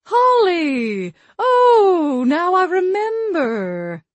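A woman's voice: extremely high pitch, sing-song, extremely slow, no echo, voice pushed up, full character voice. A woman voicing an old grandmother spirit trapped in a locket, fussy and chatty. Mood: delighted. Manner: chiding, chatty and scatterbrained.

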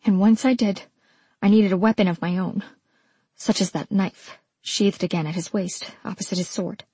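A female narrator reads a first-person story in a measured, intimate tone. Her voice is mellow and slightly husky. The recording is dry and close. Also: medium pitch, fairly even intonation, no room sound. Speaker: audiobook narrator.

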